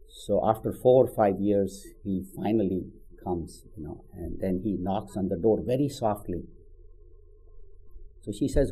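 A man's voice: on the low side, normal speed, mellow, husky, rough recording. A man giving a conversational spiritual talk, telling a story with frequent "you know" asides. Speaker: spiritual teacher. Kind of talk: sermon with storytelling.

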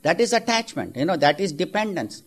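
A man giving a spiritual talk, telling a parable in a conversational, animated way. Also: sits high, a little fast, slightly rough. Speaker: spiritual teacher. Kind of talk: storytelling sermon.

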